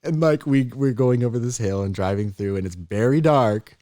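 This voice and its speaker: Young man, podcast co-host, lowish voice, dry close mic, lively storytelling. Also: normal speed, dry recording. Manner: animated storyteller who jumps high and loud when acting out scared voices. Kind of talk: casual storytelling chat.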